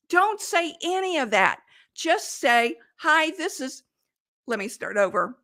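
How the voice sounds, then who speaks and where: A woman sales coach giving advice in an emphatic, deliberate way. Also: high-pitched, very animated, bright, forceful tone. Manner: emphatic, deliberate delivery with quoted examples. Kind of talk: coaching monologue.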